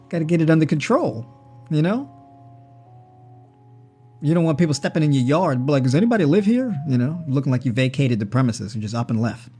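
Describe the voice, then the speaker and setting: Male livestream host, mid-pitched, chatty and joking, keeps asking "right?"; faint music under him. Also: dark tone. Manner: joking, conversational, tags with "right?" and "you know". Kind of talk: casual livestream chat on diet. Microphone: personal mic.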